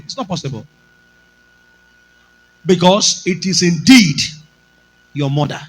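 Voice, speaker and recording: A man's voice: high-pitched, normal speed, long pauses, a bit bright, rough recording. A male pastor with a Nigerian accent, preaching a sermon with emphatic delivery and slipping into Pidgin.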